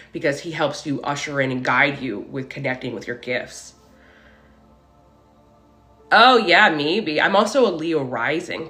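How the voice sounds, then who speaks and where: A woman in her forties hosting a casual spiritual live stream. She chats excitedly, tells stories and greets viewers as she goes. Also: sits low. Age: 40s. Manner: chatty, greets and thanks viewers as she talks.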